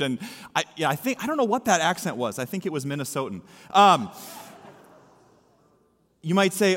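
A man's voice: fairly high pitch, very animated, normal speed, pauses often, a bit bright. A male pastor giving a sermon in a church, preaching with emphasis and repeating his key lines. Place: church sanctuary. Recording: echoey hall with long reverb.

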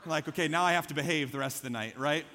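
A middle-aged male pastor preaches with a bright, forceful voice pitched a little high. He tells his story in a lively, conversational way. His words ring out with a long reverb in a big hall. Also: rapid-fire. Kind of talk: sermon.

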